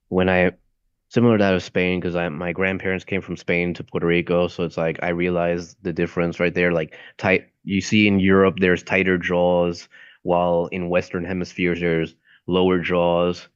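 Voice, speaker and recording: In a casual chat, a young man studying voice acting rambles and gropes for words at normal speed. He has a low, level, clean-toned voice with no room sound, though the audio is dull and lo-fi.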